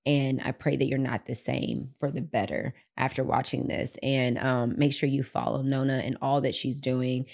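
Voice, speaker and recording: Woman, young adult, podcast host, very low voice, effusive, restarts sentences, heartfelt chat. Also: flat delivery, normal speed, vocal fry, few pauses, a little mellow. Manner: effusive, repeats herself and restarts. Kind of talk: heartfelt casual conversation.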